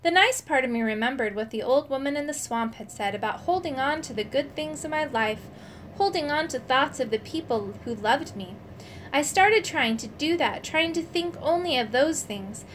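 Expressive woman reading a children's book. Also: high-pitched, slight background noise. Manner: expressive, shifting into character voices for quoted lines. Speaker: audiobook reader.

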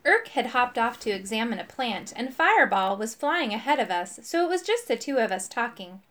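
Lively lady reading a kids' story, fairly high voice, pitch all over. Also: moderate pace. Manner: expressive, animated reading. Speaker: audiobook reader. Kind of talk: children's storybook narration.

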